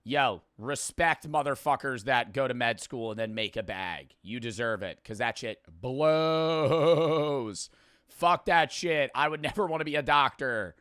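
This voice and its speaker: A man's voice: mid-range voice, moderate pace, few pauses, pushed and bright, no echo, clean studio sound. A man with a generic American accent, reacting in casual commentary, rambling and swearing, with many restarts. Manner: rambling, profane, restarts often. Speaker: host reacting to a street interview.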